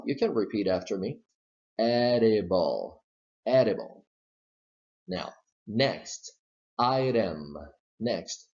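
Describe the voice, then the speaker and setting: Slow, patient male pronunciation teacher. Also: mid-range voice, a little mellow. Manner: patient, explanatory, repeats model sounds and words. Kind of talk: slow step-by-step pronunciation lesson. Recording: slightly dull lo-fi recording.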